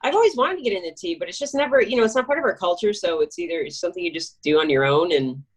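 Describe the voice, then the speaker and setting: Interview guest, female, low-set husky voice, casual and irreverent. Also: expressive, racing. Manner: laid-back, swearing, jokey. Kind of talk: casual chat.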